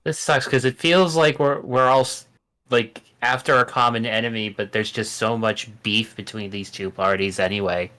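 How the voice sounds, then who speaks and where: Bright-voiced man chatting as a player. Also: fairly low pitch, steady tone. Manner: quick, restarting thoughts. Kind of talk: casual chat at a game table.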